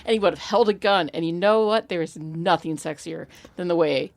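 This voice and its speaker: Blunt, animated woman co-host. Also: on the low side, fairly quick, dry recording. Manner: blunt, swears freely, animated. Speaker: podcast co-host. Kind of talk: casual chat.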